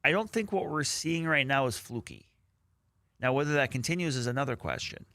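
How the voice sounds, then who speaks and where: A man co-hosting a sports radio show, giving measured, analytical takes with many "like" and "you know". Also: mid-range voice, lively intonation, sharp tone, dry recording, clean studio sound. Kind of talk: casual sports talk. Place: radio studio.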